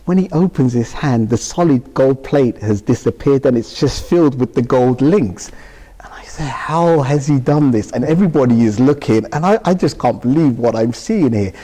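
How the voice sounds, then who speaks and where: This British man speaks in a mellow, slightly rough voice of medium pitch, expressive and at normal speed. As an interview guest, he vividly relives a personal experience with feeling, acting out what was said. The sound is that of a big room.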